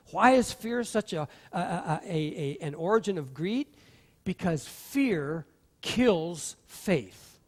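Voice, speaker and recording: A man preaching a sermon as pastor, animated, acting out the voices in the stories he tells. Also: a little high. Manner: animated, acts out voices in quotes. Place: church sanctuary. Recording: long hall reverb.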